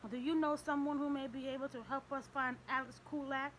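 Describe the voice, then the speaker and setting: A woman's voice: sits high, little pitch movement, a little fast, a bit bright, a little hiss or hum, rough recording. A woman reading the lines of a male homicide detective who questions politely and persistently in an audiobook. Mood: steady.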